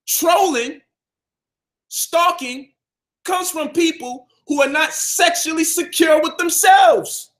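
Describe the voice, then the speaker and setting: A man talks straight to camera in a preachy, combative monologue. His voice sits high and carries a bright, forceful edge. He hammers his points home and repeats them for stress. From Brownsville, Brooklyn, New York. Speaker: health and conscious-community speaker.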